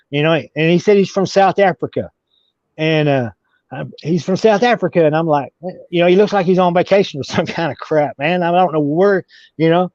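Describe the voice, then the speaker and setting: A man's voice: high voice, fairly quick, a little mellow, dry recording. Man, interview guest, rambling storytelling with restarts, dry close sound, lo-fi. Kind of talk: casual storytelling. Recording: dull lo-fi recording.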